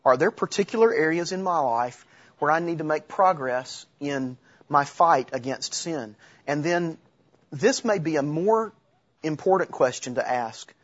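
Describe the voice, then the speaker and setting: A man's voice: a little high, slightly rough, highs cut off. A middle-aged man preaching a sermon in a conversational way, with restarts, asides and humor. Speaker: pastor.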